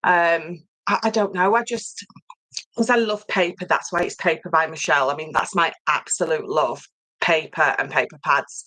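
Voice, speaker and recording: Middle-aged woman, casual livestream host, low-pitched, dry close sound, chatty and rambling. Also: a bit bright, no echo, low-quality recording. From England. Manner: chatty, rambling, reads viewer comments aloud. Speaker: papercraft host. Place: home craft room.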